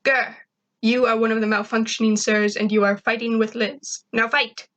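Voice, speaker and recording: A woman's voice: a little high, little pitch movement, normal speed, a bit bright, lo-fi sound, lightly acted. A woman voicing a blunt, bossy alien invader. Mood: instructing. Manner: blunt, commanding, speaks of himself grandly. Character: stern bossy male alien invader, proud leader. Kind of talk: amateur story reading.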